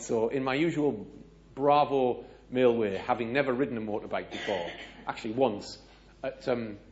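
British man, animated storyteller, addresses audience, mid-pitched voice, slightly dull recording. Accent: British English. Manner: animated, asks audience questions, acts out dialogue. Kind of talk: storytelling sermon.

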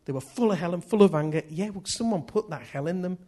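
A man's voice: high-pitched, fast, darkish tone. A man preaching a sermon in an earnest manner, often repeating key phrases.

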